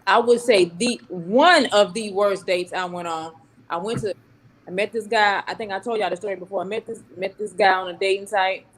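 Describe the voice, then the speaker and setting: A woman telling a story about a bad date, lively and casual. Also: medium pitch, moderate pace, a little hiss or hum. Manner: animated storytelling with acted quotes. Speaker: panel guest.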